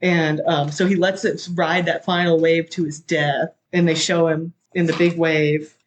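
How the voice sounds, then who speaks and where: Podcast guest rambling through a film plot, voice jumping way up for the quotes, super animated. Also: unhurried. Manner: excitable, acts out quotes with big pitch jumps. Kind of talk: casual chat, animated film recap.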